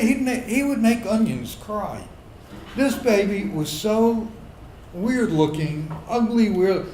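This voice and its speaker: Middle-aged guy telling a funny story live at a pub, really slow delivery, kinda high voice, gets loud and worked up. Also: very animated, echoey room, a little hiss or hum, rough recording. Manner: comic, builds to loud indignant outbursts. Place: pub stage before a live audience.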